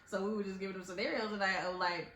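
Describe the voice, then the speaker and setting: A young woman co-hosting a casual podcast, laughing often as she tells animated stories. Her voice sits at an ordinary pitch. The recording has a roomy echo with a faint hiss underneath. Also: very fast. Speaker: podcast co-host. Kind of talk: casual chat. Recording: echoey room with faint noise.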